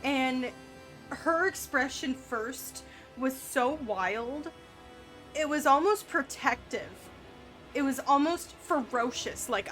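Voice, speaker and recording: A woman runs a tabletop game, narrating in a slow, easygoing way with little fillers. Her voice sits a touch high. Soft music plays behind. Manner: unhurried, conversational narration with fillers. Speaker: game master.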